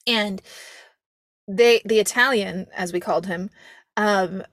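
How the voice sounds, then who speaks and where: A young woman hosting a podcast, chatting casually in a rambling, animated way, laughing often and swearing freely. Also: mid-range voice, slow, no room sound, clean studio sound. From America. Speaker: podcast host. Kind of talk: casual chat.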